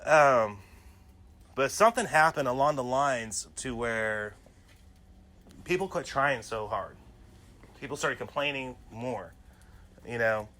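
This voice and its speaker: A man's voice: mid-range voice, slow pace, long pauses, sharp tone. A man hosting his own podcast, telling personal stories in a casual, rambling monologue full of "you know" asides. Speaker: podcast host.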